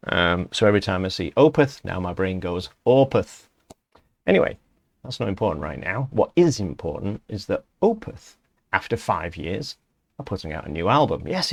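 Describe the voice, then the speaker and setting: A man's voice: sits low, gravelly, no room sound. A middle-aged man hosting a music vlog, chatting casually in a rambling way and correcting himself as he goes. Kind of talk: casual spoken opinion piece.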